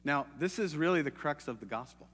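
A man's voice: fairly high pitch, lively intonation, a little fast, fairly bright tone, slightly rough, in a large hall. A man preaching a sermon in an earnest, hesitant way, often restarting his sentences.

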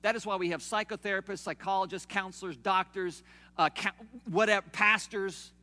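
A man preaching a sermon in a conversational way, swinging from loud emphatic peaks to soft low asides, in a church. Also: fairly even intonation, moderate pace. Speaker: pastor. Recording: long hall reverb.

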